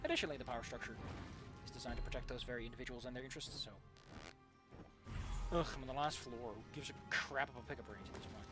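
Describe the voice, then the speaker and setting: A man's voice: medium pitch, fast, long pauses, music in the background. A young man streaming a game and talking casually, ranting sarcastically and swearing freely as he plays. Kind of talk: casual gaming stream chat.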